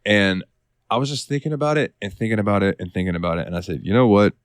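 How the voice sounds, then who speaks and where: A man's voice: on the low side, lively intonation, very fast, fairly bright tone, clear, resonant tone, dry recording, studio quality. A man co-hosting a podcast, telling a work story in casual chat, swearing freely and acting out what others said. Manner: storytelling with swearing, acts out quotes. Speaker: podcast co-host.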